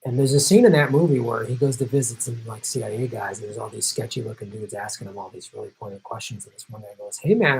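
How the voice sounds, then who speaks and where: A man's voice: mid-range voice, dark tone, slightly rough, rough recording. A middle-aged man hosting a political commentary show, reading viewer questions and going off on emphatic, rambling rants, laughing easily.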